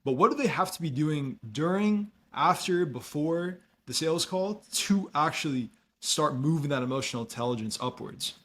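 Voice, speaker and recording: A man hosting a podcast, asking a guest a question in a measured way. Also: fairly high pitch, animated, fairly bright tone. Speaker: podcast host. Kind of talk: interview question.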